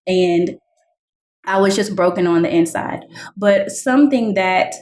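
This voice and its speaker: A woman's voice: mid-range voice, unhurried, a little mellow. A woman guest on a podcast, earnestly telling a personal story, full of "like" fillers and reenacted dialogue. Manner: earnest, heavy use of "like" fillers; reenacts dialogue in raised voices. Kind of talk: personal testimony in conversation.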